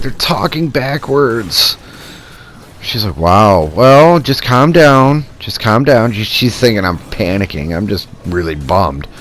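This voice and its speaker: A man's voice: medium pitch, slight background noise. A man telling a casual, rambling personal anecdote and acting out the quoted dialogue as he goes. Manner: animated, acts out quoted dialogue in rambling asides. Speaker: storyteller vlogger.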